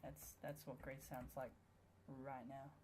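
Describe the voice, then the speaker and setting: A woman's voice: very deep voice, level tone, unhurried, a little mellow, slight background noise. A woman giving let's play commentary on a strategy game, sarcastic and playful, with frequent swearing. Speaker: gamer.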